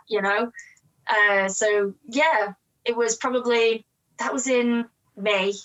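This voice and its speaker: An actress with an English accent chatting as a guest, talking quickly and laughing often. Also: female voice, on the high side, fairly bright tone, low-quality recording. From England. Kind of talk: casual interview chat.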